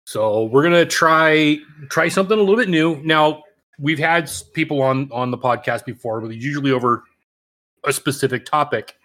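A man's voice: fairly high pitch, normal speed, fairly bright tone. A man co-hosting a casual podcast, laid-back and chatty, with plenty of filler words. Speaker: podcast co-host.

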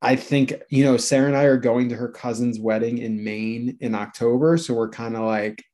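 A man's voice: mid-range voice, fairly even intonation, normal speed, darkish tone. A man in his thirties, co-hosting a casual chat show, telling a story in a self-deprecating way and swearing freely. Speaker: podcast co-host.

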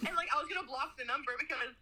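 A young adult woman on a video call, laughing and flustered as she chats casually and excitably. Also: high-pitched, quick pace. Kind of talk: casual chat.

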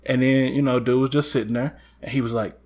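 A man co-hosting a casual chat, telling stories with lively acted-out quotes and laughter. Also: medium pitch, a little fast. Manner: animated, acts out quotes with loud jumps and laughs. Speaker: podcast co-host.

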